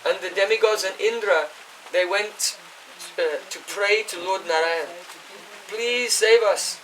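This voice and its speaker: A man's voice: high-pitched, fairly even intonation, a little slow, pushed and bright. A man giving a scripture class, explaining at length, chanting Sanskrit verses and checking in with his listeners. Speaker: spiritual teacher. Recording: voice distant from the mic.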